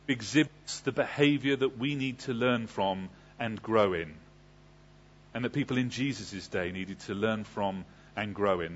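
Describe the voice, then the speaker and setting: A man's voice: mid-range voice, dull audio. A man preaching a sermon. He asks the congregation questions and then answers them. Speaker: pastor.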